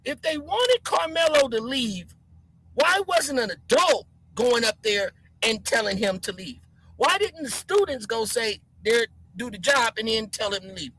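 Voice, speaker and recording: Live stream host, heated rant at chat, wide swooping pitch, sharp bright tone. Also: a little slow, husky, dry recording, low-quality recording. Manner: shouting, animated, mocking chatters by name.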